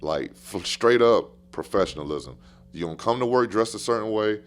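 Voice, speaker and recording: A man with a very deep voice tells stories from his coaching career in a loose, slangy podcast style. He talks with plenty of animation and hammers his points by repeating short phrases. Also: lively intonation, normal speed. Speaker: basketball coach. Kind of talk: casual podcast storytelling.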